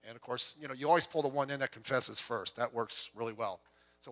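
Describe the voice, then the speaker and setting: Middle-aged male pastor, conversational sermon with acted-out anecdotes, bright tone. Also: medium pitch, fairly quick. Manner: conversational storytelling, acting out quoted dialogue.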